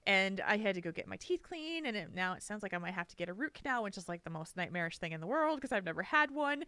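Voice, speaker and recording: A woman's voice: mid-range voice, sing-song, quick pace, pushed and bright, no echo. A woman co-hosting a casual podcast, talking openly and animatedly about her own anxieties, laughing often. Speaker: podcast co-host. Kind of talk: casual chat.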